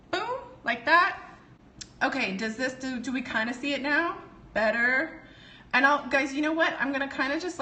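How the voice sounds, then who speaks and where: A bright, forceful voice, sitting a bit high for a woman. She teaches in a loose live-stream chat and keeps drifting off topic. She laughs often and talks straight to her viewers. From United States. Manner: chatty and digressive, often laughing, answers live comments. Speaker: business educator hosting a live stream.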